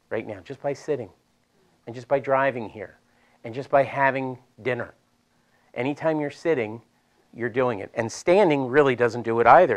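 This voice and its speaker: A middle-aged man with a Delaware accent leads a live seminar room through stretches. He talks in a chatty, animated way at an average pitch and often repeats himself for emphasis. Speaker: physical therapist presenter.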